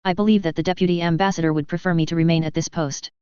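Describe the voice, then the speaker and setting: A woman's voice: lowish voice, steady tone, rapid-fire, a little mellow, clear, resonant tone, no room sound, lightly acted. A woman reading the lines of a cold, resentful young female assistant with an icy, clipped manner. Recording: dull, muffled recording.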